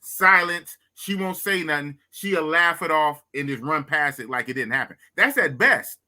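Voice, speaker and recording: A man's voice: a little high, expressive, moderate pace, pushed and bright. A man hosting a podcast, cheering his guest on with emphatic call-outs in casual chat. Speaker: podcast host.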